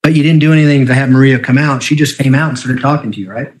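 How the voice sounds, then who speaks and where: A man's voice: medium pitch, fast talker, low-quality recording. A man questioning a witness in a courtroom, pressing and insistent, pinning down answers. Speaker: prosecuting attorney. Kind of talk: courtroom cross-examination.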